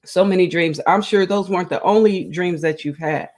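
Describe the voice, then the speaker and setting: A woman's voice: fairly low pitch, moderate pace, darkish tone. A woman hosting a crochet livestream, chatting casually with viewers and reading their comments aloud.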